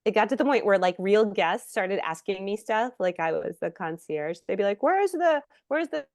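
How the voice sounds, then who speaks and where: A middle-aged woman, an actress guest in a casual interview, telling lively stories and acting out quotes. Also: medium pitch, moderate pace, no echo, studio quality. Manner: animated storyteller, acts out quotes.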